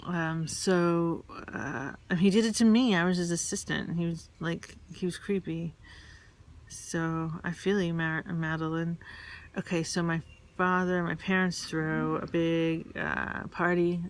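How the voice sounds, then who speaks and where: A woman from New York telling rambling, candid personal stories, halting with fillers and restarts. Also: on the low side, steady tone. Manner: candid, confessional. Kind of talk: casual personal storytelling.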